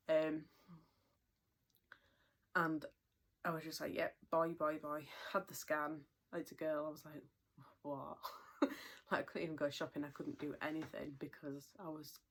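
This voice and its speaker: A young woman with a British accent talks through a casual vlog update in a low voice. She rambles with plenty of fillers and sounds a little out of breath at times. It's relaxed, everyday home chat. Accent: British English. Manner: chatty, rambling, many fillers. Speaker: vlogger.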